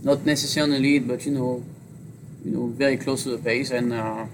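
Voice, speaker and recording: Brief: a man with a French accent, a jockey being interviewed, speaking in a halting, filler-heavy way over clear background noise. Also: medium pitch, steady tone. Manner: halting, filler-heavy speech with many "you know"s. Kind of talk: interview on horse racing.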